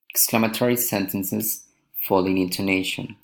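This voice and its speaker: A man from Colombia, a language student, reading a pronunciation drill aloud slowly and carefully, one word pair or sample sentence at a time. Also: lowish voice, vocal fry, low-quality recording.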